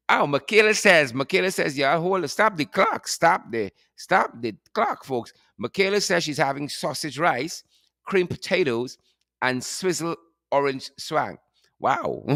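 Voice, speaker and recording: A man's voice: a little high, fairly bright tone, dry recording, clean studio sound. A man with a Guyanese accent hosting a live stream, chatting casually with viewers and repeating his phrases. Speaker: show host.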